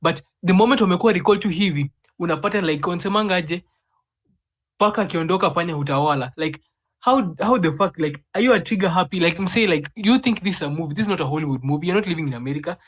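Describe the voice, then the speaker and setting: A Kenyan man talks fast in a live online audio room. His voice sits a little high, and he is furious and curses freely. He switches back and forth between Swahili and English. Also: animated. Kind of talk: impassioned casual talk.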